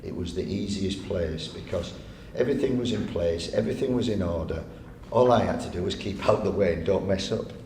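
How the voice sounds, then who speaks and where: A male guest speaker with a darkish tone talks a little fast while sharing chatty anecdotes on stage before a live audience. Laughing often, he acts out the people in his stories. The recording picks up the arts venue hall's echo and a faint rumble.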